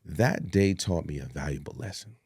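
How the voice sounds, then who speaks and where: A man spins a story in an interview, acting out the voices of everyone in it. His pitch leaps high and drops low as he talks. The sound is close and dry, with no room around it. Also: moderate pace, husky, no room sound. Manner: animated storyteller, acts out voices, laughs. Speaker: executive producer.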